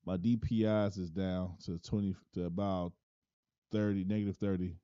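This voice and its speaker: A man with a very deep voice runs a relaxed mic check, counting off and musing to himself as he adjusts his settings. The sound is dry and a little dull, like a lo-fi home recording. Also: normal speed, smooth, no echo. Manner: laid-back, thinking aloud, often tags lines with "man". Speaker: person testing his microphone setup. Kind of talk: casual mic-check talk.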